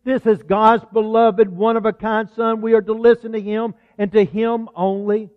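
A man with a high voice preaches a sermon, talking to his listeners like a friend and slowing down to stress key words. His voice has a tinny, phone-like sound with a long reverb trail, as if recorded in a church hall. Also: level tone. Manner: conversational preaching, slows for emphasis.

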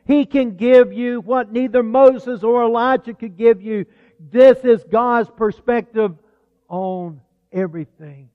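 A man with a high voice preaches a sermon, talking to his listeners like a friend and slowing down to stress key words. His voice has a tinny, phone-like sound with a long reverb trail, as if recorded in a church hall. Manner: conversational preaching, slows for emphasis.

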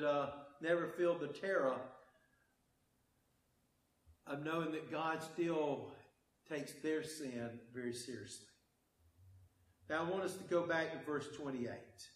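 A man preaching a sermon, with emphatic delivery that swings between loud declarations and hushed low passages. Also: echoey room. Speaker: pastor. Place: church service.

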